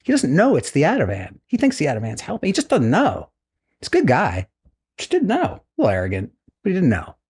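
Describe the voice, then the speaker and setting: A slightly high, husky voice moving at a quick clip comes from a middle-aged American man who once served as a naval flight officer and is now retired. Guesting on a podcast, he tells his story in a casual, lively way, imitating the people he quotes.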